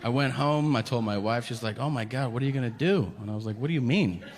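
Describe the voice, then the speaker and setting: Guy doing standup, really lively swoopy voice, profane, long hall echo and crowd noise. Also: mid-range voice, fast talker. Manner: animated, profane, acts out both sides of a dialogue. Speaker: stand-up comedian. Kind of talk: stand-up storytelling. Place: large venue with audience laughter. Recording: live hall recording with long reverb.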